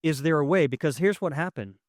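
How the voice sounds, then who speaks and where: Expressive young male pastor preaching. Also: a little high, fairly quick, dry recording, clean studio sound. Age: young adult. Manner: conversational and emotional, swinging from loud to hushed. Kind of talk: sermon. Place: church sanctuary with audience.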